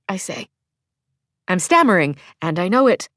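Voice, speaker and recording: A woman reading a first-person audiobook, heartfelt and emotional, her voice climbing in pitch as feelings swell. The sound is dry and close, with no room echo around her. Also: expressive, moderate pace. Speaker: audiobook narrator.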